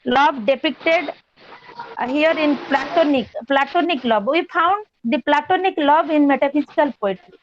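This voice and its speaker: A woman giving an online class lecture, measured and explanatory, repeating key terms. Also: sits high, background noise. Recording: dull lo-fi online call audio.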